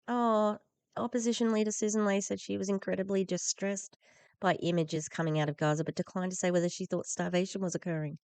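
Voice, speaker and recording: A woman's voice: medium pitch, flat delivery, fairly quick, darkish tone, smooth, no room sound. A woman hosting a political commentary podcast, reading the news aloud and reacting in a heated, blunt, profane way with sarcastic asides.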